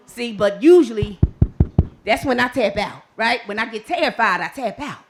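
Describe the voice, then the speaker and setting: Animated woman telling a comic story. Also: fairly high pitch, normal speed, background noise. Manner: animated and comic, acts out her own panicked voice. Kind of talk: live storytelling performance. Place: stage before a live audience.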